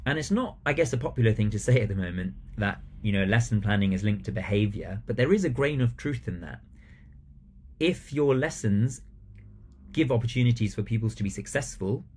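A man giving a recorded training talk to teachers, animated and acting out the phrases he would use in class. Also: lowish voice. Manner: animated, acts out classroom phrases with changing emphasis.

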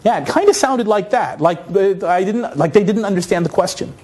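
A man from North America giving a conference talk, telling a story in an animated, self-mocking way. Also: sits high, fairly quick. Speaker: conference speaker.

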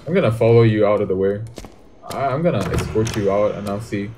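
A man's voice: on the low side, brisk, noisy background. A young man, commenting jokingly on a horror game as he plays and talking back to its characters. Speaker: gaming YouTuber.

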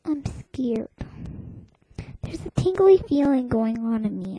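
A woman's voice: a little high, expressive, slow pace, dark tone, slightly rough, poor audio. A woman hosting a homemade webcam show in a playful, rambling way, often dropping into a whisper. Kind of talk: casual webcam chatter.

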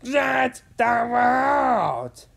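A woman's voice: lowish voice, lively intonation, a little fast, creaky, pitched above the performer's own voice. A woman voicing a boastful villainous male professor in a storybook, speaking in a gloating way.

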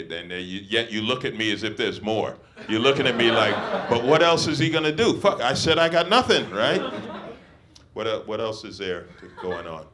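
A man's voice: low-pitched, heavy background noise. A man doing a stand-up comedy set at a small beach house venue, mocking and profane, riffing with the crowd. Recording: live crowd audible. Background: audience laughter.

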